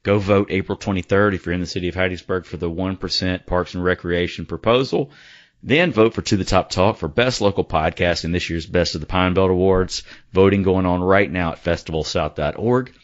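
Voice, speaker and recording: A man hosts a sports podcast, chatty and quick to joke. His voice sits very low. The recording is a little dull and lo-fi. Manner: chatty, joking, upbeat plugs. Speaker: podcast host. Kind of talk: casual sports podcast chat. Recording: slightly dull lo-fi sound.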